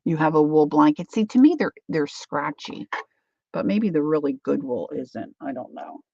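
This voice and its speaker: A woman's voice: sits low, animated, normal speed, gravelly, mellow, dry recording, lo-fi sound. A woman hosting a craft livestream, rambling chattily through a demo and answering viewer comments.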